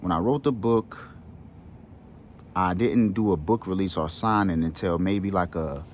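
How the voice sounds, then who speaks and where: Earnest, low-pitched man for a heartfelt monologue, casual slang, light background hum. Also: a little slow. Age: adult with children. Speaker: wellness channel host. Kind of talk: heartfelt personal storytelling.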